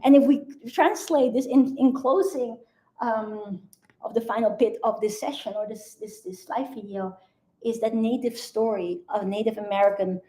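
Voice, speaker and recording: A woman's voice: fairly high pitch, moderate pace, warm tone. A woman mentor speaking on a motivational live video, earnest and emphatic, often repeating her key phrases.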